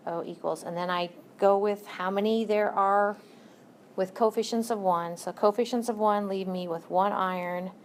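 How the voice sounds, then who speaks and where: Woman chem teacher talking thru a lecture, casual jokey asides, mid pitch, faint hiss behind. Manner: chatty, self-correcting, joking asides to students. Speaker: chemistry instructor. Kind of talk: recorded lecture walkthrough.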